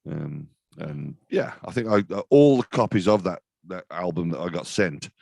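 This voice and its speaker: A man's voice: deep voice, expressive, normal speed, gravelly, a little mellow, no echo. A man in his fifties, a death metal vocalist chatting as an interview guest, rambling and self-deprecating with many restarts. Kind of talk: casual interview chat.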